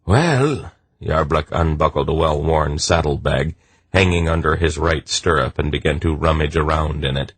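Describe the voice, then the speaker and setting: A man narrating a fantasy audiobook in a measured, deliberate reading. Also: rumbling low, flat delivery, fairly bright tone, slightly rough, no room sound. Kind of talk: scripted narration.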